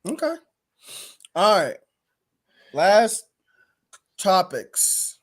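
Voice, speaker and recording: High-voiced man moderating a sports chat. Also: big pitch swings, drawn-out words, a bit bright. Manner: brief agreeing interjections, steers topics. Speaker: podcast co-host. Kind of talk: casual sports talk.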